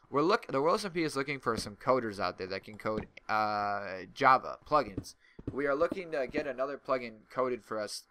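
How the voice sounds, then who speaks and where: Bright-voiced young man ranting over gameplay. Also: mid-range voice, clean tone, dry recording. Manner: rambling, gets heated and ranty. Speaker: server owner and YouTuber. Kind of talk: casual gaming commentary.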